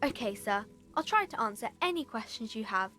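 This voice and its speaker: A woman's voice: on the high side, lively intonation, brisk, pushed and bright. A woman voicing a dutiful young girl minding a bookshop in a video game, speaking politely and formally. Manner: polite and formal, calls him sir. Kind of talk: video game character dialogue.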